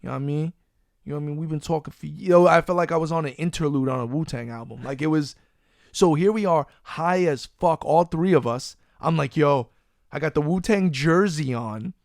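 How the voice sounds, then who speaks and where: A man hosting a podcast, telling a long story in a loose, animated, profane way. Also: a little high, brisk, gravelly, no echo, clean studio sound. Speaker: podcast host. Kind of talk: casual storytelling chat. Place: Florida.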